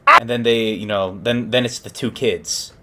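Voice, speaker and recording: A man's voice: mid-range voice, fairly even intonation, moderate pace, heavy background noise. A young man casually retelling a story, rambling and correcting himself with lots of fillers. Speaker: podcast host.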